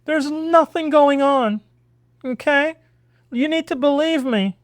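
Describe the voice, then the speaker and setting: A man doing a shrill, mocking older politician woman. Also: slow, no echo, studio quality. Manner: shrill, exaggerated, dismissive. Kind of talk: sarcastic impression in commentary.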